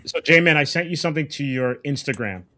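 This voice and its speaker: A man in a casual comic book chat, calmly explaining. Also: a little high, brisk.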